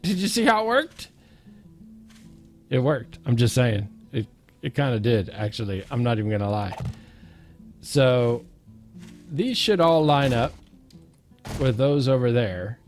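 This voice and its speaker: A man's voice: medium pitch, a little slow, long pauses, a little mellow, faint music behind. A man giving casual, playful gameplay commentary, chanting counts and joking at his own expense. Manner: self-mocking, goofy asides.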